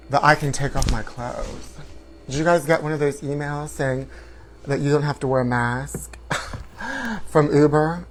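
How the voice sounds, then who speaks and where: A man hosting a comedy show, telling a campy, theatrical story, calling his listeners honey and breaking into shouted quotes. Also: a little high, slight background noise, low-quality recording.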